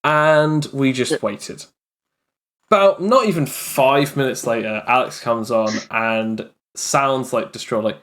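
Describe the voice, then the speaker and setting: Male game master, mid-pitched, chatty and animated, recounting a session, filler-heavy. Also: slow. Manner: animated storyteller, many fillers. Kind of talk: casual storytelling chat.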